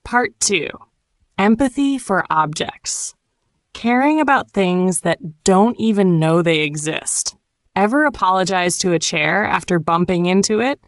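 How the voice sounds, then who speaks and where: A woman's voice: fairly low pitch, a little slow, dry recording. Woman, scripted learner podcast narration, reflective, short phrases, dry recording.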